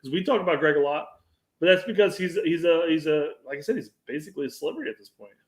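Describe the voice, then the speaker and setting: A man co-hosting a soccer podcast in casual chat, often halting and restarting his sentences. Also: fairly high pitch, lively intonation. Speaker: podcast co-host. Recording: roomy echo.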